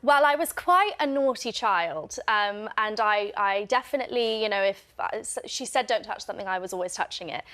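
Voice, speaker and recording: A woman's voice: medium pitch, expressive, normal speed, hardly any pauses, fairly bright tone. Earnest young woman guest, reflective. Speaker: guest author. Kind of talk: casual interview chat. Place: TV studio.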